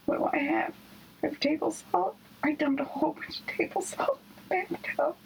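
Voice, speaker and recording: A woman's voice: sits high, fairly quick, vocal fry, a little hiss or hum, rough recording. A woman co-hosting a podcast, telling candid personal stories in casual chat. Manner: chatty, candid storyteller. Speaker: podcast co-host.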